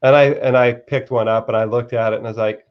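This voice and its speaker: A man of middle pitch tells a personal story as a guest on a live-stream interview. He speaks earnestly and often stumbles and restarts his phrases. The sound is dull and lo-fi, like a remote call. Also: steady tone. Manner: earnest, halting with repeated restarts. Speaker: guest author.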